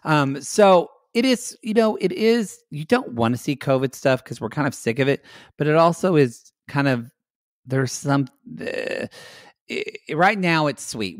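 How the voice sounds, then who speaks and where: Male podcast co-host, lively intonation, dry close mic, playful recap banter. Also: mid-range voice, dry recording. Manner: animated, quick banter, acts out quotes. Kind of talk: casual recap chat.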